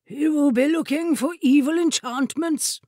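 A self-important rival wizard, lofty and pompous, played by a woman reading aloud. His voice sits high and a bit loud, with an odd, unfamiliar tone. The recording is dry. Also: measured pace, no room sound.

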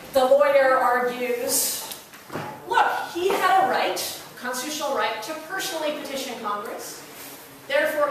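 A woman law professor giving a public lecture, telling a story in a conversational, wry way, with fillers and restarts. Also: high-pitched. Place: lecture hall. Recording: very echoey room, voice heard from a distance, faint noise.

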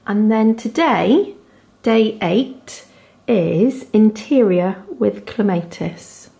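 A woman in her thirties with a Devon accent, chatting casually at home as a knitting vlogger, gushing softly over her yarn. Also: mid-range voice, expressive, slow, vocal fry. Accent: Devon English. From England. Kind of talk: casual chat to camera. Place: home, indoors.

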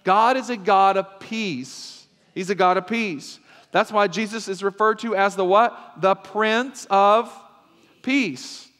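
Male pastor preaching, kinda high voice, emphatic, lots of call and response, big echoey church hall. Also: steady tone, a little slow, fairly bright tone. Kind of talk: sermon. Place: church sanctuary. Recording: long hall reverb.

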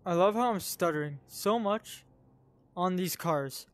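A man giving casual VR gameplay commentary, excitable, swinging between yelling at enemies and muttering to himself. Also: high voice, unhurried, no room sound. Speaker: gaming channel host.

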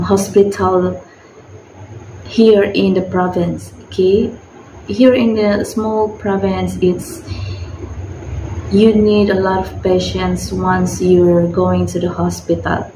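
Filipina woman, filipino accent, slow unhurried talk, echoey room, noisy background. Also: mid-range voice, little pitch movement, dark tone. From Philippines. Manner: rambling, many fillers and restarts. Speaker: vlogger. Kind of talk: casual advice vlog.

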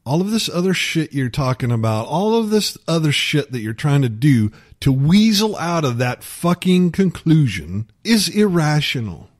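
A man's voice: fairly high pitch, sing-song, normal speed, hardly any pauses. A man delivering an angry, profane rant as a YouTube commentator, heated and mocking.

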